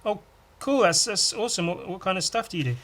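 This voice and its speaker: A man voicing a nosy stranger who quizzes an artist about his work, first incredulous and then accusing. His voice is pitched up and brighter than his usual talk. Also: fast.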